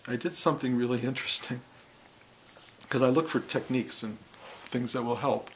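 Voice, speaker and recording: A man's voice: mid-range voice, a little hiss or hum, low-quality recording. Earnest man giving a spiritual talk. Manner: earnest and heartfelt, in short halting phrases. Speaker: spiritual teacher. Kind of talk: reflective spiritual talk to a gathering.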